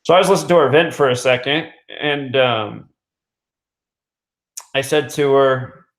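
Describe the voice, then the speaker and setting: A man's voice: medium pitch, measured pace. A man host telling a long story in a loose, casual way, full of fillers, restarts and small chuckles. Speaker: radio host. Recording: roomy echo.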